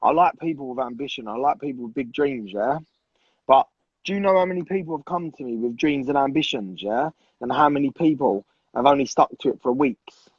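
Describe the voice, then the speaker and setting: Husky-voiced blunt young man. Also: mid-range voice, a little fast, dry recording, highs cut off. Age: 20s. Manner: blunt, swears a lot, repeats for emphasis. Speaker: guest. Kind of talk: casual chat.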